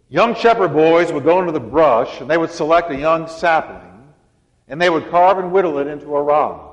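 A man preaching an emphatic sermon to his congregation, leading them in call-and-response. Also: on the high side. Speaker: pastor. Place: church sanctuary. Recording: dull sound with long church reverb.

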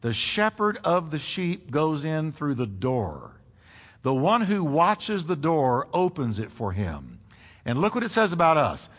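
Animated male preacher in a reverberant hall. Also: a little high, measured pace. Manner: animated preaching with congregation call-and-response. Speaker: pastor. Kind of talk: sermon.

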